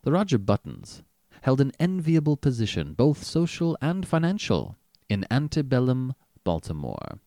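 Animated male audiobook narrator. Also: medium pitch, normal speed, dry recording, clean studio sound. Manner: expressive, animated reading. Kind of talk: scripted narration.

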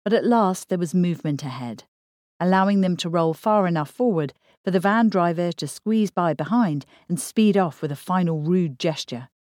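A woman reading a novel aloud in measured, even scripted narration. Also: lowish voice, no room sound, clean studio sound. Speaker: audiobook narrator.

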